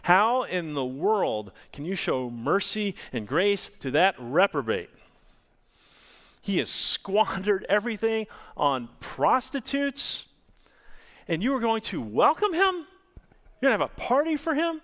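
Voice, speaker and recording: A man plays a resentful young older son, heavily acted, in a high, fairly bright voice pitched above his own. His pitch swings widely and his pace is unhurried as he fires off exasperated, indignant questions.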